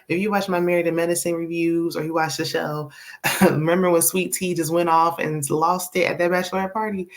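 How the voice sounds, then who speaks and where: A woman hosting a casual TV episode recap, sassy and animated, acting out the characters' lines. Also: on the low side. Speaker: TV recap host.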